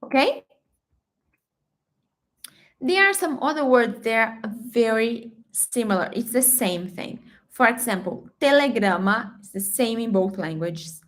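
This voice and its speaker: A woman whose first language is Brazilian Portuguese, teaching a live-streamed language lesson, repeating example words slowly and checking in with her viewers often. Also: on the high side, expressive.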